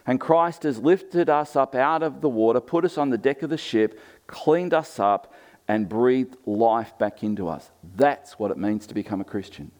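A man in his thirties preaching a sermon, expressive, moving between emphatic and quiet delivery. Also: medium pitch, normal speed.

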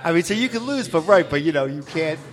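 Co-hosting a casual soccer chat show, this man speaks fast in an animated, fairly high-pitched voice. He argues his points in a chatty way, peppering his talk with "you know" and frequent restarts.

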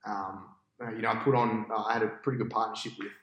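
A cricket captain telling a long match story on a podcast, in a casual, animated way and with an Australian accent. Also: male voice, lowish voice, fast talker, reverberant, lo-fi sound. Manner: animated storyteller, acts out his own past thoughts.

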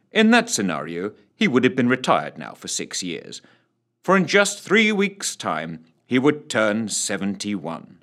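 A man narrating an audiobook in an expressive storytelling manner. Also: medium pitch.

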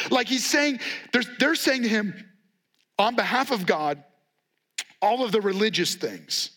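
A pastor preaching a sermon, telling a story in an animated way and acting out its quotes with sarcasm. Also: male voice, high-pitched, measured pace, pauses often.

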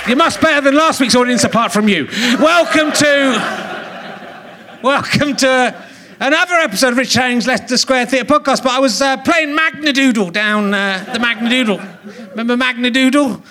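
A man's voice: extremely high pitch, moderate pace, a crowd in the background, noisy background. An English man hosting a live comedy podcast on a theatre stage, teasing and joking with audience members. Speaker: podcast host.

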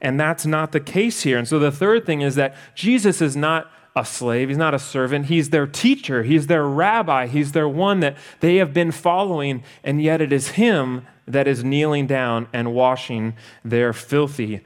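A man preaching a sermon in an earnest way, slowing down to stress key points. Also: on the high side. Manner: earnest, slows down for emphasis.

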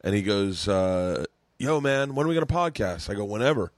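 A man guesting on a comedy podcast, telling a story in relaxed casual chat and filling gaps with easy agreement. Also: fairly low pitch, fairly quick. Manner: relaxed, chimes in with frequent "yeah".

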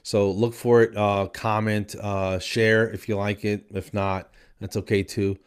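Low-ish male comic host, worn out, exasperated, rambly. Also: level tone, measured pace, clear, resonant tone. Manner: rambling, exasperated, repeats himself. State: tired late at night. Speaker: podcast host and comedian. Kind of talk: casual stand-up style monologue.

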